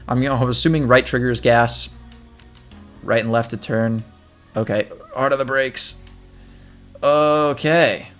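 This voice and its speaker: A man's voice: medium pitch, fairly even intonation, a little slow, long pauses, a bit bright, faint music behind. A man hosting a gaming channel, giving casual gameplay commentary and chatting as he thinks aloud while playing.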